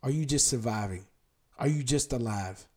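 A man preaching a podcast sermon, firing direct questions at the listener and dropping to a hushed, tender voice. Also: mid-range voice, moderate pace.

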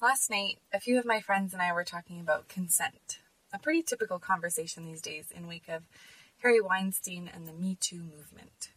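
A woman's voice: lowish voice, fairly quick, a bit bright, no room sound, recorded from a distance, poor audio. A woman hosting a podcast, speaking in an earnest, emphatic personal monologue. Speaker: podcast host.

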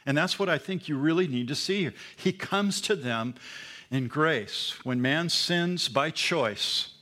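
A man's voice: a little high, sharp tone. A man preaching a sermon in a church, emphatic and asking the congregation questions. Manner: emphatic, with call-and-response questions. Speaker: pastor.

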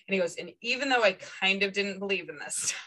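A woman psychic medium chatting as a podcast guest, relaying a spirit's words in lively quoted bursts and laughing often. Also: mid-range voice, quick pace, rough recording. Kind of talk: casual podcast chat.

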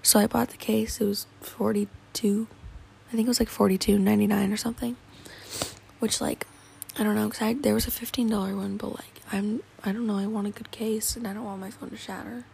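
A woman's voice: medium pitch, little pitch movement, fairly quick, gravelly, darkish tone, a little hiss or hum, rough recording. A teenage girl, rambling casually in a teary, sniffly voice and often half-whispering. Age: teens. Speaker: vlogger.

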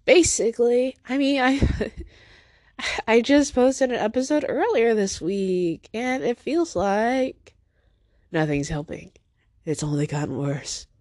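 Speaking slowly with a slightly high, lively, somewhat mellow voice, a podcast host rambles alone from home, still teary after crying, self-deprecating and breaking off to address her cat. The recording is dry and studio quality.

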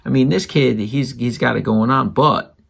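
A man's voice: normal speed, creaky, breathy edge. A father casually telling a story about his child and giving other parents emphatic advice, his voice jumping up when he quotes people. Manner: animated, jumps up in pitch when quoting others.

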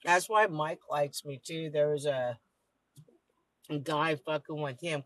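Woman, storytelling, blunt, profane, bright pushy voice, dry close sound. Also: low-pitched, unhurried, no room sound. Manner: blunt, heavily profane, animated retelling with quoted dialogue. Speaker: podcast host. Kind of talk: casual storytelling.

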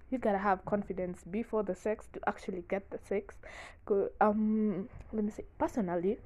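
Excitable, profane young woman chatting. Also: medium pitch. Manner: excitable, bursts into laughter; frank and profane. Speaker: vlogger. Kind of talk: casual candid chat.

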